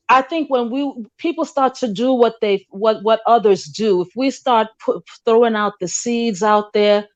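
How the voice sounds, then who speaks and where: A woman's voice: fairly high pitch, unhurried. A woman in a discussion, telling an anecdote and acting out quotes. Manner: storytelling, acts out quotes. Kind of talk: casual discussion.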